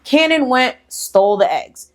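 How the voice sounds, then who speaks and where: A woman's voice: high voice, expressive, a little slow. Sassy, profane woman telling a story. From Haitian heritage. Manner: profane, sassy, chatty with filler "like". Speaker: storyteller host. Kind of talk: casual storytelling.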